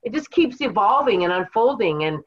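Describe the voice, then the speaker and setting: A woman's voice: medium pitch, very animated, fairly quick, breathy edge, lo-fi sound. A woman from Washington State's Kittitas Valley, a podcast guest and author, telling her story in an earnest, reflective way. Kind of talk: conversational podcast interview.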